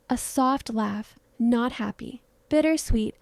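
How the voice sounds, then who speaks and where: A woman narrates a scripted true story in a hushed, solemn way. Her voice is a little high yet mellow and warm. The sound is close and dry. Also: moderate pace, creaky, dry recording.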